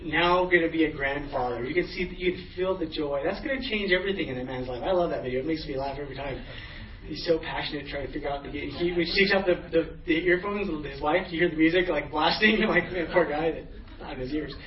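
A man's voice: fairly high pitch, fast. A man in middle age preaching a sermon as pastor, casual storytelling with frequent restarts. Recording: echoey, distant, dull room sound.

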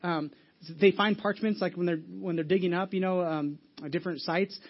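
Man, pastor, casual storytelling sermon, fairly high voice, dull lo-fi sound. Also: fairly even intonation, normal speed. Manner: storytelling, casual, many restarts and asides. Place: church.

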